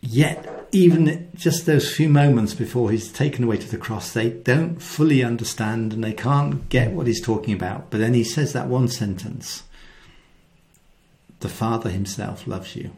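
Male speaker, devotional talk, gravelly mid-pitch voice, lively acted quotes, hushes for emphasis. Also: moderate pace, hardly any pauses. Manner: animated storytelling, acts out quotes; drops to soft hushed voice for key lines. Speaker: Christian speaker.

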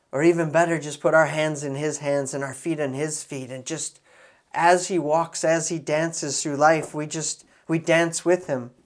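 A middle-aged man preaching in a relaxed storytelling way, with frequent restarts and quiet, intimate asides. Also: on the high side. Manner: conversational, many restarts, soft intimate asides. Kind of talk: sermon storytelling.

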